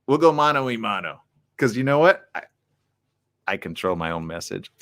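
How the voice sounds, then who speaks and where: Animated, excitable male talk show host. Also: deep voice, moderate pace. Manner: reads viewer comments aloud. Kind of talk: live streamed talk show chat.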